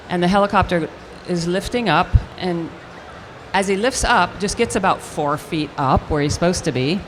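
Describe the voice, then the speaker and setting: An older woman, an actress, telling a lively anecdote in an interview, acting out the quotes as she goes. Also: on the low side, slight background noise. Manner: animated storyteller acting out quotes with restarts. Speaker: actress guest.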